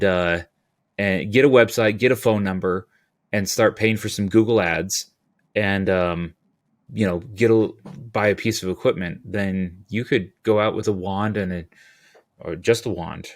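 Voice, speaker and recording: A man from California talking as a podcast guest, rambling and animated, with quick asides and restarts. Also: deep voice. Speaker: podcast guest, utility locator. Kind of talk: casual interview talk.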